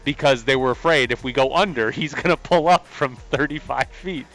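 A man's voice: medium pitch, moderate pace, fairly bright tone, faint music behind. Male basketball analyst on sports radio. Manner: explains plays conversationally, with fillers.

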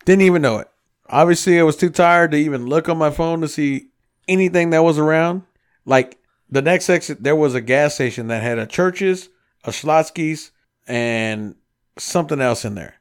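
A man's voice: a little high, moderate pace, smooth. Profane man telling a story. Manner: profane, animated storyteller acting out dialogue. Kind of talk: casual storytelling chat.

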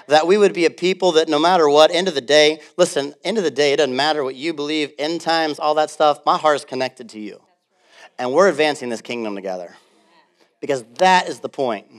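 A male pastor preaching a sermon in a church, animated and full of stories. His voice sits a little high for a man, and he slips into acted-out quotes and laughter as he goes.

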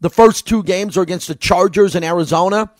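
A man's voice: high voice, brisk, no echo. A man with a New York accent giving a solo sports commentary as host, in a conversational, rambling way.

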